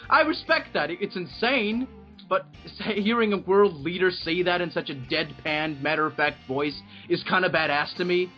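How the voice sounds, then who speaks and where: Man, casual talk show co-host, heated and profane, high-pitched, muffled low-fi audio. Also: moderate pace. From Russia. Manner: angry profane rant. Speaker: podcast co-host. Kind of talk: casual chat. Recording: dull lo-fi recording with faint music.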